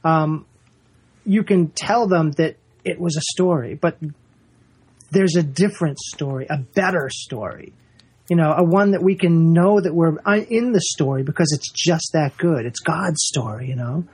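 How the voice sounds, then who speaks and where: A man's voice: fairly high pitch, normal speed, a little mellow, slightly rough. A man in a casual talk, speaking earnestly and reflectively. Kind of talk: casual chat.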